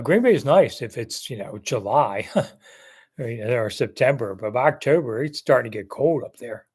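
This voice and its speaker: A man in his sixties hosting a sports live chat, answering viewers in a rambling, chatty way with jokey asides. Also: mid-range voice. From Maryland area. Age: 60s. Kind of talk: casual live-stream chat.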